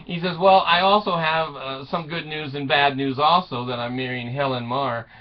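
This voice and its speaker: A man's voice: a little high, fairly even intonation, moderate pace. A man telling a comic story with voiced quotes, rambling with fillers and laughing often. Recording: dull lo-fi recording.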